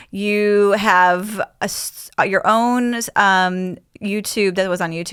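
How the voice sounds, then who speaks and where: A woman's voice: medium pitch, a bit bright, smooth. A woman in her fifties hosting a podcast, bubbly and jokey, gushing over her guest. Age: 50s. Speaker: podcast host. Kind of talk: casual chat.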